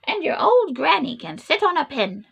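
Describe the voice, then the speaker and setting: A woman voicing a rude, grumpy male third little pig who yells and bosses people away. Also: sits high, big pitch swings, moderate pace, vocal fry, voice pushed up, heavily acted. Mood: shouting rudely. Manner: yelling, bossy.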